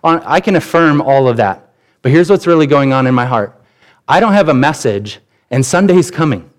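Male pastor, thirties, conversational sermon, candid, animated storytelling. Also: a little high, moderate pace.

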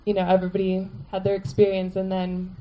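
A woman telling a personal story to a live audience, animated and laughing, full of "like" fillers. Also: medium pitch, fast, lo-fi sound.

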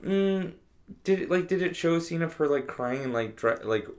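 A man's voice: fairly high pitch, lively intonation, normal speed. A man in casual podcast chat, easygoing and laughing along, hedging often as he talks a film through.

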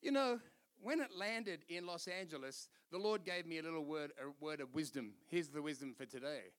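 Animated high-voiced Australian pastor. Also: male voice, moderate pace. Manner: animated storytelling, laughing, doing voices. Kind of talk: sermon.

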